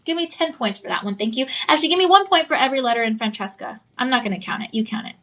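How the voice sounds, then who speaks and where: A woman hosts a live jewelry sales segment in a bright, slightly high voice. She chats playfully with her viewers, pausing often to check in with them. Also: lively intonation. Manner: chatty and playful, keeps checking in with "okay?". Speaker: home shopping host.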